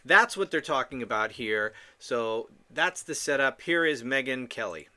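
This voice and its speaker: A man's voice: medium pitch, expressive, normal speed, pushed and bright. A man hosting a political podcast, ranting in an indignant, profane monologue with stammering restarts. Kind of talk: opinion monologue.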